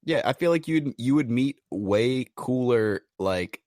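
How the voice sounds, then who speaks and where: A man's voice: medium pitch, unhurried, no echo, studio quality. A young man co-hosting a podcast in casual chat, joking and slangy, telling stories with energy. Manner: joking, slangy, animated storyteller. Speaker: podcast co-host.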